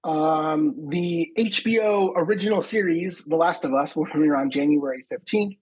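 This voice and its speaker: Raspy, offhand podcast man. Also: on the high side, normal speed, darkish tone, rough recording. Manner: offhand, filler-heavy, reads out news. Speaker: podcast co-host reading news items. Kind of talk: casual chat.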